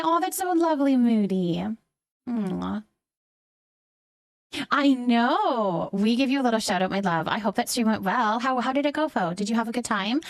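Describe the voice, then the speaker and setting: A woman's voice: a little high, dry recording, clean studio sound. A young woman live streaming a game, chatting affectionately with viewers and thanking them by name. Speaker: livestreamer reading out viewer chat. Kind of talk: casual live stream chat while gaming.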